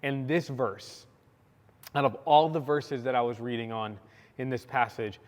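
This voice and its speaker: A young man from California preaching a sermon, telling a story with lively acted-out quotes. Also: mid-range voice, measured pace. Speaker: pastor. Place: church sanctuary. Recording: long church hall reverb.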